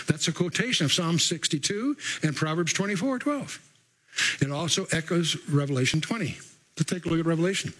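Husky older man teaching a sermon. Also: a little high, expressive, a little fast, a bit bright, poor audio. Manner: conversational teaching with asides and emphatic scripture reading. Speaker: Bible teacher.

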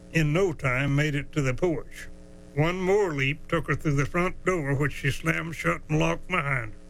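A man spins a folksy tale in a bright, forceful voice pitched a little high. He drawls and chuckles along, and stretches out the tense moments. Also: a little hiss or hum, low-quality recording. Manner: drawling, chuckling, dramatic slowdowns. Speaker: storyteller. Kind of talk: folksy storytelling.

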